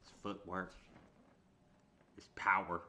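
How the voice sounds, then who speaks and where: A man's voice: low voice, flat delivery, slow, bright, forceful tone. A man from Sacramento, California, telling a prison story in laid-back street talk, tagging many lines with "right?".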